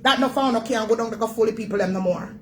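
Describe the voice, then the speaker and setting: A woman's voice: a little high, fast talker, slight background noise, low-quality recording. A Jamaican woman hosting a vlog, scolding and emphatic in her Jamaican Patois, repeating her points as she rants. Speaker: vlog host. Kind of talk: ranting commentary.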